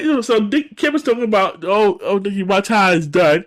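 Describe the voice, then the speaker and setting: A man's voice: high-pitched, quick pace, few pauses. A man co-hosting a podcast, casually recapping a TV episode and acting out the characters' lines in jumping voices. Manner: animated, acts out characters' lines in shifting voices. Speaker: podcast co-host.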